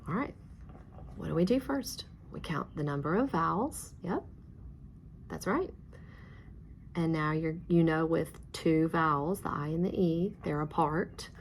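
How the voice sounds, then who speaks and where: A woman's voice: low voice, measured pace, pauses often, slight background noise. A woman teacher guiding a student step by step through a reading lesson, patient and encouraging, sometimes dropping to a whisper.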